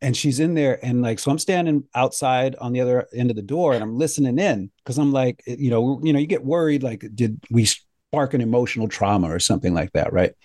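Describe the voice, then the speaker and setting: Joking animated male show host. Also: mid-range voice, brisk, dry recording, clean studio sound. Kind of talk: casual storytelling on a health show.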